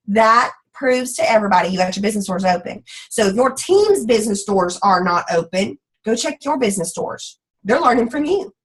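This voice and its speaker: A woman leading a motivational team call, energetic and folksy, slipping into playful voices for quotes. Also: mid-range voice, fairly quick, hardly any pauses, slightly rough, low-quality recording. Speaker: team leader.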